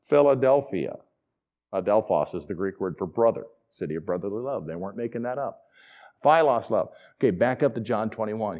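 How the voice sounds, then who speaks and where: A man's voice: on the low side, lo-fi sound. A man preaching a sermon in a conversational, enthusiastic teaching manner with asides. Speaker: pastor.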